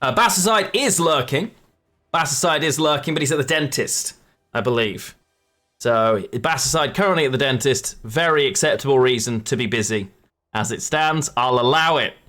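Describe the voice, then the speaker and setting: A man's voice: medium pitch, moderate pace, bright, forceful tone. A man live-streaming a card game, chatting with viewers and correcting himself as he plays. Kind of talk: live game commentary to chat.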